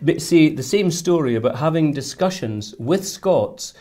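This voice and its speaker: A man hosting an interview, who asks thoughtful questions in a halting way with many fillers. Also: fairly high pitch, lively intonation, dark tone. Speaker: interviewer host. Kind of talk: casual interview chat.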